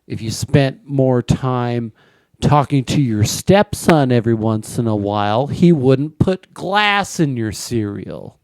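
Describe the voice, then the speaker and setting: Snippy, reproachful nagging wife, put on by a man, slow and pointed. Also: medium pitch, animated, darkish tone, no echo. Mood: scolding. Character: nagging wife scolding her husband.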